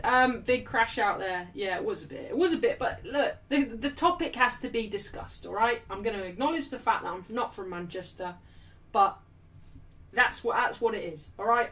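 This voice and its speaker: A woman's voice: medium pitch, far from the mic. A young English woman hosting a live football watchalong, reading out super chats in blunt, sweary casual chat. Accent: English, not Mancunian. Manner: blunt, swears freely, loud and defensive, then apologetic. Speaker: livestream host of a football watchalong.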